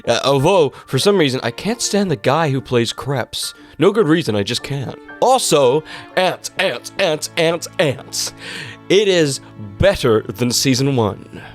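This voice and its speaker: A man's voice: fairly high pitch, expressive, a little slow, soft background music. A podcast host doing a comic put-on voice of a famous actor while he reads out a listener's comment. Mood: playful.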